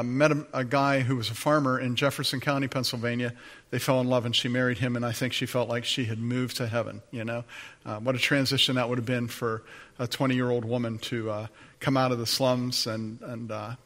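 A man's voice: medium pitch, fairly bright tone. A middle-aged male pastor preaching a sermon in an earnest, conversational way, with frequent fillers.

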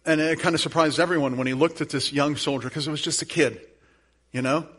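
A man pastor giving a sermon, telling a story in a casual conversational way before leading a soft prayer. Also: fairly high pitch, fairly even intonation, fast, husky.

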